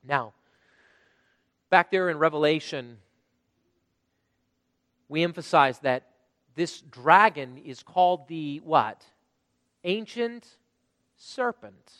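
High-voiced man preaching in a reverberant hall. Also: lively intonation, slow, pauses often, a bit bright. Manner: dynamic preaching, rhetorical questions to the congregation. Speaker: pastor. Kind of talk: sermon.

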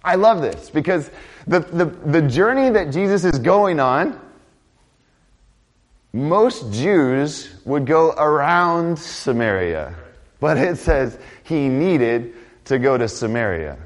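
A man preaching a conversational sermon as pastor, swinging between loud emphatic lines and quiet, low asides. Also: expressive, takes it slowly.

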